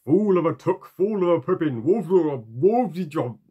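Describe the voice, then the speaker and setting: A man's voice: on the high side, lively intonation, moderate pace, mellow, slightly rough, highs cut off, voice pushed up. A man mocking a goofy spaced-out old wizard.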